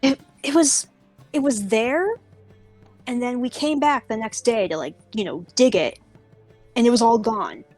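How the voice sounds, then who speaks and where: Woman doing a tired, gloomy man miner, halting and complaining. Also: on the high side, a little mellow, no echo, faint music behind. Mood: glum. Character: weary, upset male miner.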